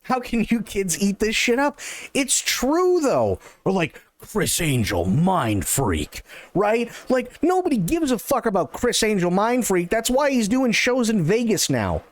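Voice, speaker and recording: A man's voice: very high voice, animated, normal speed. A male streamer ranting in casual, profane, sarcastic chat on a live stream.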